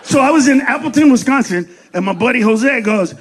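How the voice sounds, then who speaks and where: A man doing a stand-up comedy set on a club stage, loud and profane, acting out characters in quick voices. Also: very high-pitched, expressive. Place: comedy club stage before a laughing audience.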